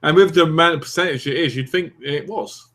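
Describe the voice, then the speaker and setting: Playful man with a bright voice. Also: fairly high pitch, brisk. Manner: playful, jokey storyteller. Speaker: co-host. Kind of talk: casual chat.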